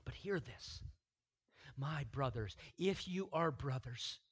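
A man preaching a sermon, moving from quiet, measured lines to loud, emphatic repetition. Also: mid-range voice, lively intonation, slightly rough. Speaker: pastor.

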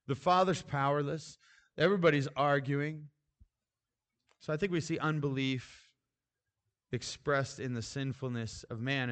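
A man's voice: medium pitch, a bit bright. A man preaching a sermon in a conversational, informal manner, with casual asides and frequent restarts. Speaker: pastor.

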